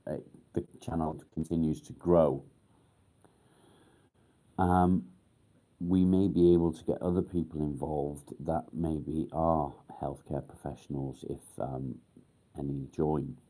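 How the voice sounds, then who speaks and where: A middle-aged man hosting a casual live stream, rambling with many pauses and casual swearing. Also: very deep voice, level tone, dark tone. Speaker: livestream host.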